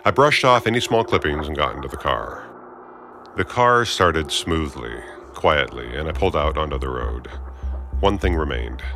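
Male storyteller, very low voice, dry self-mocking asides, faint music under it. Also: lively intonation, normal speed, sharp tone. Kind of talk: first-person story narration.

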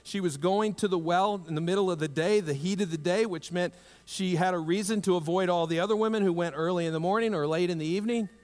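A male pastor preaching a sermon in a conversational way, lifting his voice for emphasis and dropping it low and soft for tender asides. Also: quick pace. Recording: long hall reverb.

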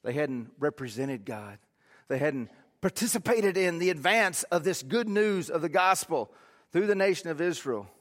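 A man preaches a sermon to his congregation in a high voice. He swings between loud, urgent lines and hushed, quiet stretches. His words carry a long reverb through a large church hall. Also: animated, moderate pace. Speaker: pastor.

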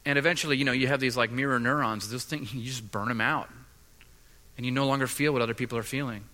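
A man preaching a sermon as a pastor, earnest and halting, often repeating his words. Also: medium pitch, fairly even intonation, pushed and bright. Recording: long reverb of a large hall.

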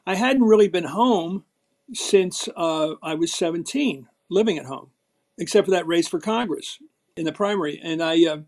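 An older man with a Philadelphia accent, telling stories emphatically as an interview guest. His voice sits fairly high, and he slips into the voices of the people he quotes. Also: normal speed, darkish tone. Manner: emphatic, storytelling, acts out quotes. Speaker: guest, former TV political host. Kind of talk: animated interview talk.

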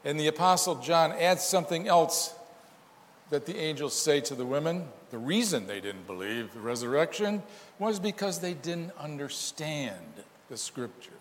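A pastor delivering a sermon, his somewhat high voice rising and falling with lively swings as he presses his points with emphatic rhetorical questions. His words ring out with a long reverb, as in a large church sanctuary. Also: normal speed.

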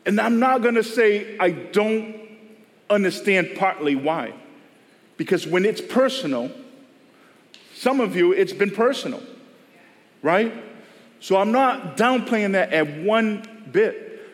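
A man's voice: sits high, lively intonation, takes it slowly, pauses often. A male pastor preaching a sermon to a church service in a conversational style, acting out the voices of people he quotes. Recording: long reverb of a church hall.

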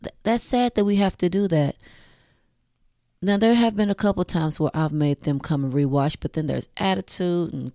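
A podcast host in her forties speaks to her listeners bluntly and casually at a moderate pace, swearing freely and laughing at her own jokes. Her low, mellow voice comes through a dry, close recording with no room sound.

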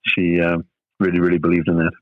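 A very deep-voiced man from South Africa talks as a podcast guest about coaching, loose and relaxed, full of "you know" and "um". The sound is dry and a little dull, like a lo-fi podcast mic. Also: fast talker, no echo. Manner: relaxed, many fillers and restarts. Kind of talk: casual interview talk.

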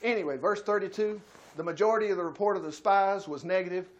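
A man teaching a Bible study sermon in a folksy way, acting out quotes with sudden loud outbursts. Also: high voice, quick pace, lo-fi sound. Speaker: preacher.

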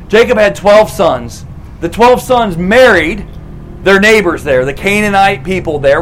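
A man preaching a sermon as a lively story, retelling scripture in casual words and acting out quotes. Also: sits high, a little hiss or hum, low-quality recording. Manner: animated, casual retelling with quick acted quotes.

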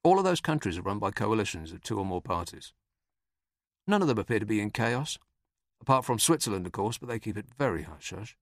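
A man's voice: fairly low pitch, big pitch swings, fairly quick, no room sound. Dry sardonic man. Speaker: podcast host. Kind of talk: scripted comic monologue.

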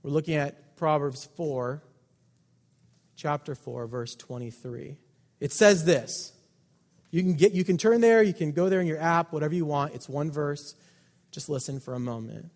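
Male pastor, emphatic sermon delivery, slightly high voice, long church reverb. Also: moderate pace. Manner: emphatic, swings between loud stresses and quiet asides.

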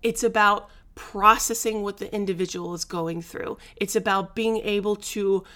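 A woman life coach talking frankly in a vlog, emphatic and animated, with blunt slang and laughter between her points. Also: medium pitch, normal speed. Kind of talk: candid talking-head vlog.

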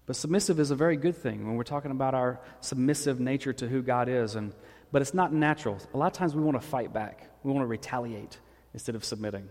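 Lively, joking pastor in an echoey hall. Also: male voice, mid-range voice, fast. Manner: animated, joking storyteller. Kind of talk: sermon with personal storytelling.

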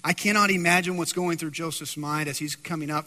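Animated high-voiced preacher in a hall. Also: male voice, fast, few pauses. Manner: animated storytelling, acting out voices. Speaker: pastor. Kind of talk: sermon.

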